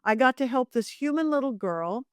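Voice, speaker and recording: A woman's voice: high voice, normal speed, dry recording, clean studio sound. A middle-aged woman, a psychic medium guest, telling stories animatedly and acting out the voices in them. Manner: animated, acts out voices in her anecdotes. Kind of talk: lively storytelling interview.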